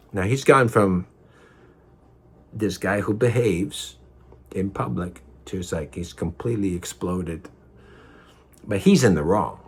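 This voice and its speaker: A man's voice: deep voice, slightly rough. A man telling a personal story in a heated, rambling way, repeating himself and swearing.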